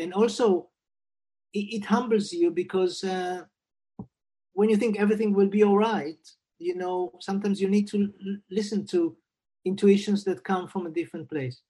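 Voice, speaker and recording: A psychiatrist and Jungian analyst in his sixties shares a personal family story at an unhurried, thoughtful pace, frequently repeating words along the way. His voice is high with a dark tone.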